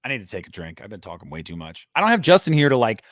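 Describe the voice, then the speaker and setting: A man hosting a casual movie news livestream who rambles and jokes crudely in an animated way. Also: fairly low pitch, racing, dry recording, clean studio sound. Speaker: host of a movie news stream.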